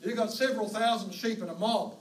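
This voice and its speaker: A man with a New Zealand accent preaching a sermon as pastor, telling stories with animated delivery and shouted herding calls. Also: high-pitched, brisk. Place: church auditorium. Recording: roomy, distant hall mic with faint noise.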